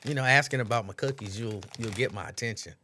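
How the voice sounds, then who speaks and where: A man's voice: medium pitch, fast talker, a little hiss or hum. A man hosting a casual late-night livestream, chatty and repetitive, breaking into laughs and mimicking people. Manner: animated, laughing, repeats lines, mimics others. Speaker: host.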